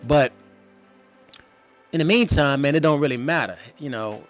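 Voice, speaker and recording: A man's voice: a little high, normal speed, soft background music. A young man hosting his own vlog from home, talking straight to viewers in a loose, slangy, conversational way. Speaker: vlog host. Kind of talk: casual talk to camera. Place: home room, indoors.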